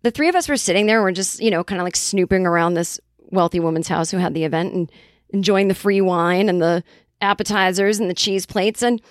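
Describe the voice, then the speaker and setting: A woman's voice: medium pitch, brisk, dry recording, clean studio sound. A middle-aged woman from the Boston area, hosting a podcast and telling a rambling, casual story, swearing freely. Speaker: podcast host.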